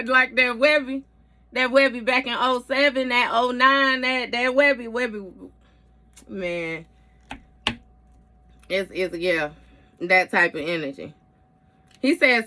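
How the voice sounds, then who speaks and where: A woman's voice: a little high, measured pace, pauses often, sharp tone. A woman giving a casual tarot reading in a blunt, heavily profane way, with frequent mm-hmms. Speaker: tarot reader.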